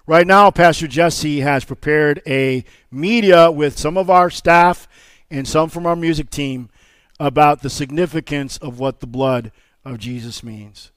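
A man preaching with a bright, high and smooth voice that rises with emphasis. He leads a call and response with the congregation. The sound is close and dry. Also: unhurried, no echo. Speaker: pastor. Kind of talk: sermon.

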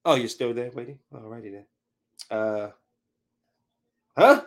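Speaking at an unhurried pace in a medium-pitched voice, a man angrily retells a story to his viewers. It's a casual, profane, heated, and animated rant.

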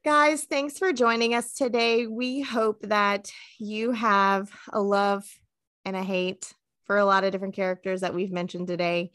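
A woman co-hosting a podcast in animated, chatty conversation, laughing often and mimicking how others talk. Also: medium pitch, no echo. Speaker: podcast co-host. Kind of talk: casual chat.

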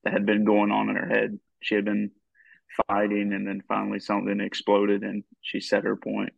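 A man co-hosting a podcast, speaking in a hesitant, halting way with a gravelly voice. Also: lowish voice, monotone, dry recording. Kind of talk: casual conversational discussion. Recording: dull lo-fi dry sound.

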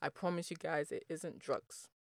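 An energetic, bubbly man from Nigeria talks straight into a dry, close mic, hosting a solo motivational podcast. His voice sits a little high for a man. He jumps between playful slang and earnest pep talk. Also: moderate pace, vocal fry, dry recording. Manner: slangy, calls listeners "boo boo". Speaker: podcast host.

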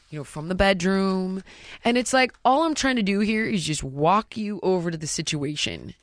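A woman's voice: medium pitch, animated, normal speed, dry recording, clean studio sound. Blunt, swearing woman podcast host. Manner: frank and blunt, swears freely, storytelling. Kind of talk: candid casual podcast chat. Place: podcast studio.

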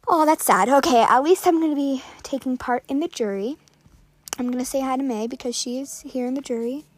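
A female gaming creator giving excited live commentary, rattling off items quickly and sometimes dropping to a whisper. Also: sits high, dry recording. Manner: excitable, calls out items rapidly, drops to whispers.

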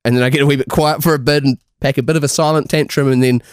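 A man's voice: a little high, steady tone, quick pace, no room sound, clean studio sound. Sweary New man telling a story. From New Zealand. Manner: swears constantly, laughs through his stories. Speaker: podcast co-host. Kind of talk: casual pub-style chat.

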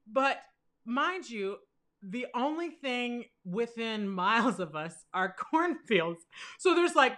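A young woman telling a personal story in a lively way, laughing often and acting out what people said. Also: on the high side. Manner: animated, laughing often, acts out quoted voices.

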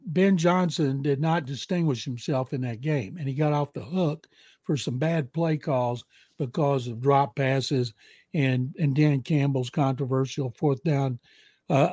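A man's voice: a little high, warm tone, no echo. A man in his sixties with a Southern accent, a veteran football writer telling rambling anecdotes and giving blunt opinions on a podcast. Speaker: veteran NFL writer, guest. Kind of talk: casual storytelling and football analysis.

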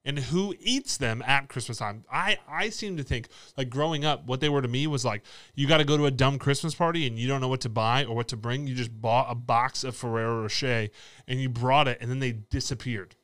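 A man's voice: mid-range voice, fairly quick, fairly bright tone, no echo. A young American man co-hosting a podcast, chatting playfully and rambling with frequent laughs. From United States. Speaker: podcast co-host. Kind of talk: casual chat. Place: table indoors with cameras.

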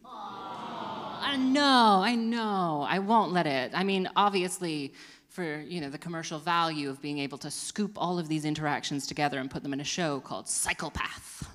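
Woman, stand-up comedy host, rambling, self-mocking, bright forceful voice, long reverb. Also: lowish voice, normal speed, a little hiss or hum. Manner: rambling, self-mocking, laughs at own jokes. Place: performance venue with live audience.

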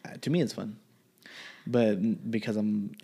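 A man's voice: on the low side, fairly even intonation, normal speed, vocal fry, warm tone, husky. A young man, a college student, in a rambling, profane casual chat. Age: young adult.

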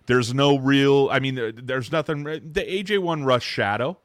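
Profane excitable man, dry mic. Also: mid-range voice, normal speed, dry recording. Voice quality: profane, restarts often. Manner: excitable, loud outbursts when mock-outraged. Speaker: podcast host. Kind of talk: casual sneaker podcast chat.

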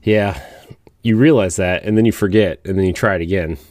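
A man hosting a casual podcast chat, relaxed and chatty, laughing easily. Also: sits low, fairly quick, no echo, clean studio sound. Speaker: podcast host.

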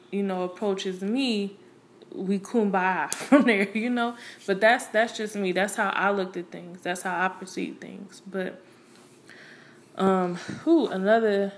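A woman's voice: medium pitch, a little hiss or hum. A young woman talking casually to camera, candid and blunt, full of "you know" and "like" and plenty of cursing. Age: young adult. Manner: candid, blunt, and streetwise, with frequent profanity; conversational, with many fillers like "you know" and "like". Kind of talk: casual opinion monologue.

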